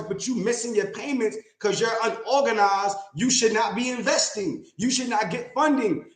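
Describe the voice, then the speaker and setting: Blunt mentor guy on a livestream, keeps repeating himself for emphasis, kinda high voice. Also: reverberant. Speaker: real estate investor and mentor. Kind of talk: livestream talk.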